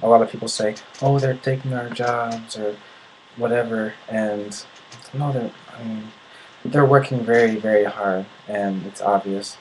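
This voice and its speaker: A young American man vents indignantly in a casual vlog, often restarting his sentences. His voice is fairly low, steady, and a little mellow at a moderate pace, on a rough recording with slight background noise.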